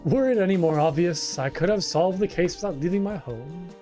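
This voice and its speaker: A man putting on a pompous gentleman inspector. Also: sits high, brisk, soft background music, lightly acted. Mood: smug. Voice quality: pompous, theatrical old-fashioned diction.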